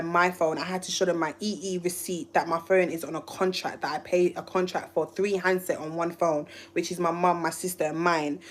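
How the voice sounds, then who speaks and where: A woman from the UK, a YouTuber, telling a rambling, emotional story on a live stream. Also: on the low side. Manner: emotional, rambling, restarts often. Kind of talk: casual livestream storytelling.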